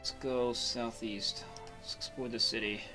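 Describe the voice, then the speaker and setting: A man's voice: mid-range voice, level tone, a little slow, over music. A man streaming a fantasy game, talking casually in a loose, chatty way and swearing freely. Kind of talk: casual gaming commentary.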